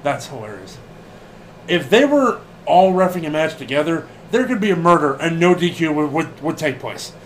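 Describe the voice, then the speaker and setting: A man co-hosting a casual wrestling podcast, animated and laughing often, swearing freely and acting out what people said. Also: a little high, moderate pace, slight background noise. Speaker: podcast co-host.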